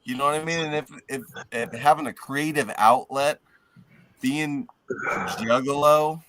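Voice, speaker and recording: A man's voice: on the high side, measured pace, fairly bright tone, no room sound. A laid-back man in casual chat with friends, peppering his talk with "bro" and "man".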